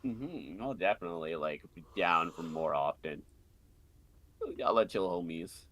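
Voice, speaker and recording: A man's voice: sits low, unhurried, fairly bright tone, no room sound. A man chatting casually on a streamed group call, playful and teasing, laughing often.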